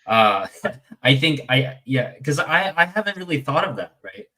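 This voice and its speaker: A man's voice: mid-range voice, very animated, measured pace, pushed and bright. Young male guest, rambling and hesitant, casual talk. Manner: hesitant, rambling, frequent fillers and laughs. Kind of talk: casual chat.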